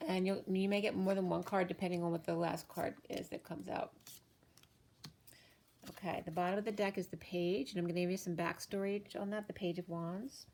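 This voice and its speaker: Chatty woman reading tarot, a bit hoarse. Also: fairly low pitch, flat delivery, fairly quick, darkish tone. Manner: chatty, thinks aloud with fillers and self-corrections. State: hoarse, losing her voice. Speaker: tarot reader. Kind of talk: casual tarot card reading.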